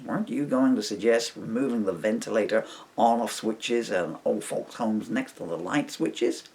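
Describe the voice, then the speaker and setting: A man voicing a calm male doctor who prompts with questions. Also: on the low side, normal speed, close to an everyday voice. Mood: curious.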